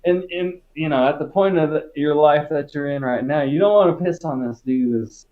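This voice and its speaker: A man's voice: fairly high pitch, moderate pace, phone-quality sound. A man from Texas, a former Marine, telling stories in a casual interview in a laid-back, profane way. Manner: profane, laid-back, peppers talk with "dude" and "right?".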